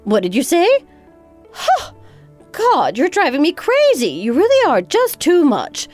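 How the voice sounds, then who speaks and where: A woman's voice: medium pitch, wildly swooping pitch, normal speed, faint music behind. A woman voicing a proud, touchy older mother-in-law in a texting-story drama, stammering and defensive. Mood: indignant. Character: indignant older mother-in-law, proud, quick to take offense.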